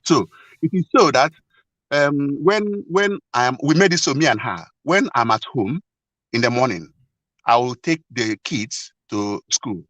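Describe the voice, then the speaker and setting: A man earnestly telling a personal story as a guest, halting and repeating himself often. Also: mid-range voice, animated, fairly bright tone, no room sound, low-quality recording. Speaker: guest sharing a marriage problem.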